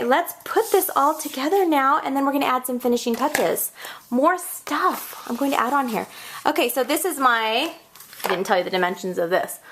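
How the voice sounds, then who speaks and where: A woman in her thirties hosting a casual card-making tutorial, bubbly and chatty, squealing when she gets excited. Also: high-pitched, a little hiss or hum. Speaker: crafting tutorial host.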